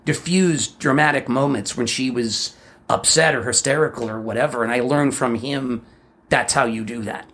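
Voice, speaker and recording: A man in his fifties with a gravelly, fry-edged voice at an ordinary middle pitch. He tells personal stories as a podcast co-host, breaking into quick character voices and laughing along. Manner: animated storyteller who acts out voices and laughs along. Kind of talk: casual chat, telling personal stories.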